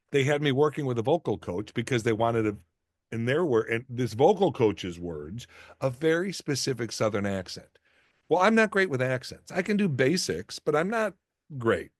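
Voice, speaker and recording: A middle-aged man, an actor and guest, telling animated, self-deprecating anecdotes in a casual interview, with lots of restarts. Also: medium pitch, dry recording, clean studio sound.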